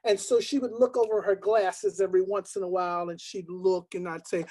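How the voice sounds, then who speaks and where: Older woman telling a halting story. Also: medium pitch. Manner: halting, many ums, earnest. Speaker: choral music professor. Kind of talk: personal storytelling on a webinar.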